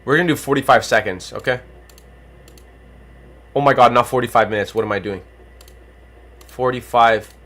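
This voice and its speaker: A livestream host who is losing his voice, calling a giveaway race with animated, rapid play-by-play. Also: medium pitch. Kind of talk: excited duck-race commentary on a livestream.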